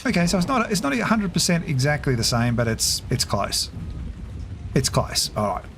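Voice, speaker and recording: A middle-aged man, casually commentating a game on a live stream, chatty and quick to laugh as he thinks aloud. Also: a little high, sing-song, vocal fry, noisy background.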